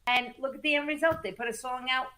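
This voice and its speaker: A woman guest in a casual interview, telling music business stories in an animated, emphatic way, repeating words for stress and cursing casually. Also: high-pitched, fast. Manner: acts out quoted voices in lively storytelling. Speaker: music manager and entertainment attorney, guest.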